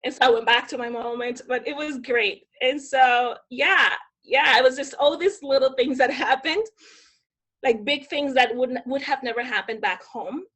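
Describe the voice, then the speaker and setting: A woman's voice: high-pitched, moderate pace. A young adult woman from the Dominican Republic, telling stories in a casual interview and acting out the voices she quotes. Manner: animated, acts out quoted voices. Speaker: podcast guest.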